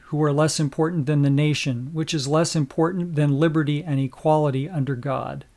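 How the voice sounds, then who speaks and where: A man narrating a scripted lesson in a measured, solemn manner. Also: on the high side, darkish tone. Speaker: instructor.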